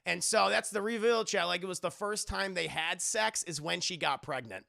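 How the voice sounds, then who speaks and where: Gravelly bright man recapping a movie. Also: sits high, moderate pace. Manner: profane, laughing, animated retelling with mock voices. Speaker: movie reviewer and streamer. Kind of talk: casual livestream movie recap.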